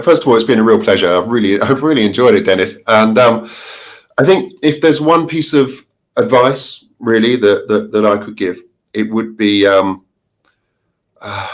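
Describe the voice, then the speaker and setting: A man's voice: fairly low pitch, measured pace. A middle-aged man from the UK answering interview questions casually, chatty and given to laughing and restarting sentences. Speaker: interview guest, marketing consultant.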